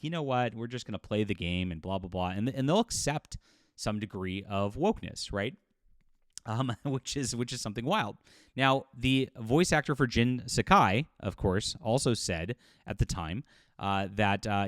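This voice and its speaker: A man's voice: on the low side, no room sound, studio quality. A man hosting a commentary video, talking in an agitated, indignant rant with frequent restarts. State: livid. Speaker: commentary host. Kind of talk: angry commentary monologue.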